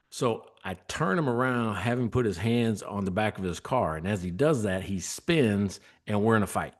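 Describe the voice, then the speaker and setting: Low-voiced male guest, animated storyteller who often laughs. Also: normal speed, hardly any pauses. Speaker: guest, former state trooper. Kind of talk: storytelling in a podcast interview.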